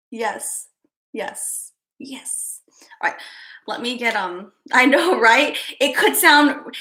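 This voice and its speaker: A woman hosts a laid-back live stream, chatting with viewers and reading out their comments. Her voice sits fairly high, and she giggles a lot and drifts into soft asides.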